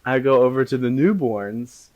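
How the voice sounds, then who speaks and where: A man improvising a silly quest story on a comedy podcast. He delivers his lines in a deadpan, drawn-out way, with a pitch in the middle of the usual range. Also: highs cut off. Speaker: podcast co-host.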